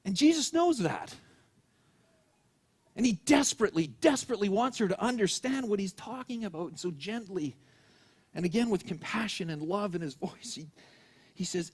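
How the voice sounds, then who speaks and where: Animated husky-voiced man preaching. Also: high voice, a little slow, pauses often. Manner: storytelling, acting out quoted voices. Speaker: pastor. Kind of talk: sermon. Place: church.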